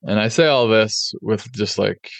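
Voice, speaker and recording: A man hosting a podcast, telling a personal story candidly in a relaxed, conversational way with plenty of fillers. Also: fairly low pitch, unhurried, gravelly, no room sound. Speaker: podcast host and oral surgeon.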